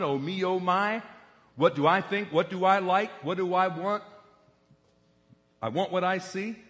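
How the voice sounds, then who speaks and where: Bright-voiced pastor preaching in a reverberant church. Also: male voice, high-pitched. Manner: emphatic, asks the congregation questions. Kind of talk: sermon.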